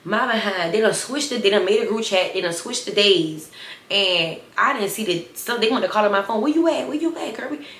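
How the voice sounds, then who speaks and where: A woman's voice: mid-range voice, brisk, echoey room. A young adult woman with a slight lisp, chatting animatedly in a casual storytime. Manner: animated, chatty, addresses viewers as y'all. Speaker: storyteller vlogger.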